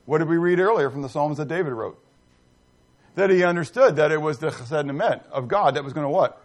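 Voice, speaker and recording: A man's voice: fairly high pitch, brisk. Emphatic man preaching a sermon. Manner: emphatic, asks the congregation questions. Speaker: pastor. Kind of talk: sermon with scripture reading.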